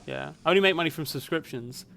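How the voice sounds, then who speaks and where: A man with a softened Essex accent, chatting casually to viewers while streaming a game, rambling with plenty of fillers. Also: on the high side, quick pace, creaky, slight background noise. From Essex, England. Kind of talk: casual live gameplay chat.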